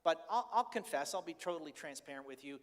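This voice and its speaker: An older man preaching a conversational sermon as pastor, candid and animated as he tells stories. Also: fairly high pitch, quick pace. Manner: candid, chatty, animated storytelling. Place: church sanctuary. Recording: reverberant church hall.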